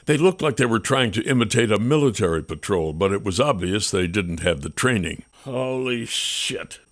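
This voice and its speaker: A man with a low voice reads a first-person audiobook. His pitch rises and falls freely as he builds the suspense of the story. His storytelling is expressive and tense. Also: fairly quick, dry recording. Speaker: audiobook narrator.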